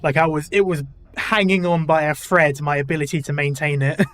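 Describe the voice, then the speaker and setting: A man's voice: fairly high pitch, steady tone, a little fast, a bit bright. A male gaming YouTuber reading a game's story dialogue aloud in a casual way, with self-deprecating asides.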